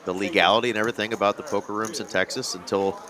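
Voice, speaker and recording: Low-voiced easygoing male co-commentator. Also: steady tone, racing. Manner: easygoing, reads out viewer messages. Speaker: poker co-commentator. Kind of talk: live commentary and chat. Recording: loud card-room crowd behind. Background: crowd chatter of a card room.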